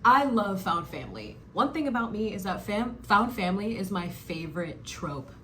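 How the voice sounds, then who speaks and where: A woman's voice: mid-range voice, sing-song, normal speed, bright, forceful tone, slight background noise. A woman vlogging casually about a book she is reading, gushing and swearing freely as she talks. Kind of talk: casual chat.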